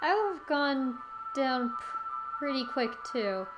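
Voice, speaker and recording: A woman's voice: high-pitched, lively intonation, takes it slowly, loud music behind the voice, low-quality recording. A woman reading the lines of a modest, encouraging young heroine from a game in a friendly way.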